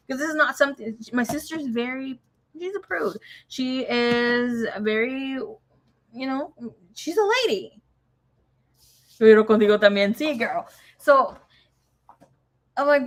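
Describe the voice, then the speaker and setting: A young woman with a slightly high voice gives a casual tarot reading straight to a viewer. She talks in a loose, chatty way, swearing freely and slipping Spanish phrases into her sentences. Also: lively intonation, unhurried, long pauses, fairly bright tone. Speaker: tarot reader.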